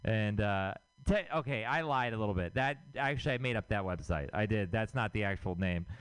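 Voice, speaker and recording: A man from Houston working through a stand-up set on a club stage, rambling and swearing freely. His voice comes across smooth and resonant, close and dry on the mic. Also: lowish voice, a little fast, a bit bright, dry recording. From Houston, Texas. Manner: rambling, profane, laughs at own jokes. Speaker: stand-up comedian.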